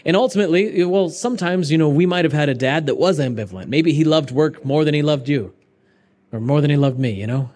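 A young adult man preaching a sermon, conversational and animated, swinging between raised urgency and hushed asides. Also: a little high, fairly quick. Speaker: pastor.

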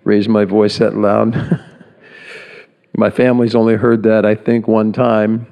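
A male pastor praying and preaching a conversational sermon before communion, earnest, with pauses and restarts. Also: lowish voice, flat delivery, gravelly, mellow. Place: large church hall. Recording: echoey hall reverb.

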